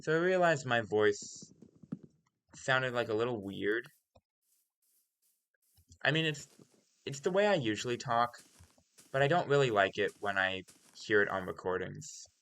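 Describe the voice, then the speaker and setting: A man hosting a game let's play, talking in a deliberately calm, soft-spoken and musing way. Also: medium pitch, smooth. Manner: musing, introspective. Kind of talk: casual gameplay commentary.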